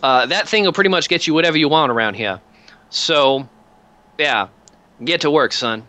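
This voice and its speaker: A man putting on a tough, scarred Southern woman commander, blunt and drawling, heard in a tabletop game. The voice sits a little higher than his usual one and keeps a bright, forceful edge. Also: normal speed. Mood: gruff. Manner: drawling, blunt, swears freely, calls people honey and son.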